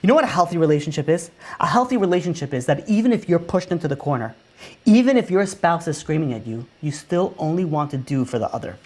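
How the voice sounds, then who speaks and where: A rabbi giving a conversational sermon, asking many rhetorical questions and repeating and restarting phrases. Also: male voice, on the high side, expressive, quick pace, darkish tone.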